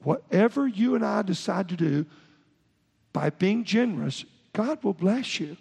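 A man's voice: high voice, expressive, a little slow, vocal fry, a little mellow, breathy edge. A man preaching a sermon as pastor, speaking in short emphatic phrases and often restarting mid-sentence. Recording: long hall reverb.

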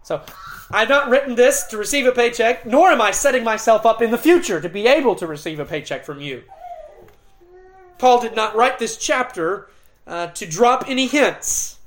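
A middle-aged pastor delivering an expository sermon, earnest and emphatic, with dramatic pauses and occasional restarts. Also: male voice, extremely high pitch, lively intonation, a bit bright, slight background noise.

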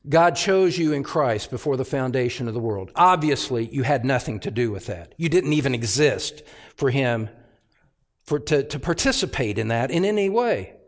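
A male pastor preaching an expository sermon, emphatic, repeating phrases and swinging from hushed asides to loud outbursts. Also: medium pitch, animated, moderate pace. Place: church sanctuary.

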